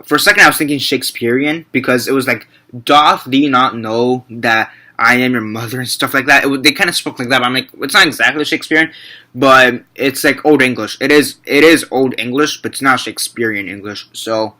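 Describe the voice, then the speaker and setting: A man's voice: medium pitch, fast talker, pushed and bright. A young man giving a casual, rambling movie review, repeating and correcting himself and swearing freely.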